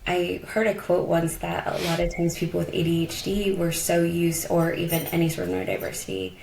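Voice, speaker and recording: A woman's voice: fairly low pitch, flat delivery, fairly quick, creaky, noisy background. A woman from Colorado, a podcast guest, telling personal stories in a reflective, heartfelt way with lots of casual fillers. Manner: reflective, heartfelt, many "like" and "you know" fillers. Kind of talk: casual conversational storytelling. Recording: echoey room.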